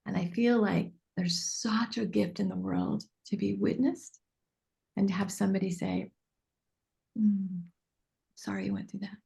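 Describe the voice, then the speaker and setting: Earnest lady coaching a group call, acts out little dialogues, medium pitch. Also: fairly even intonation, unhurried, gravelly, mellow. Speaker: business mentor.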